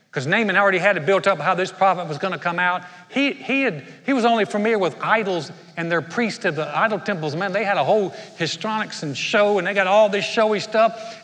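A pastor preaching a sermon to a congregation, retelling a story in lively fashion and acting out the characters. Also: male voice, sits high, in a large hall. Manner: animated storytelling, acts out characters.

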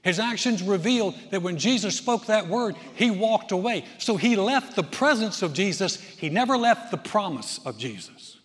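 A middle-aged man preaching a sermon in a folksy, conversational way, telling stories with lively emphasis. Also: high voice, moderate pace, few pauses, in a large hall. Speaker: pastor.

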